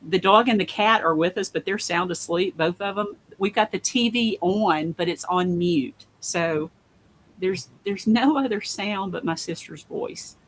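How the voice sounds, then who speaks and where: A woman's voice: fairly low pitch, a little slow, a little hiss or hum, rough recording. A woman guest on a podcast, telling a personal story in an earnest, emphatic way. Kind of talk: casual conversation.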